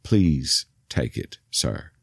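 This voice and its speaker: A man's voice: low-pitched, very animated, unhurried, vocal fry, no room sound, studio quality, pitched below the performer's own voice, heavily acted. A man voicing a flustered male store manager who sounds meek and apologetic. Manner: stern at first, then meek and apologetic.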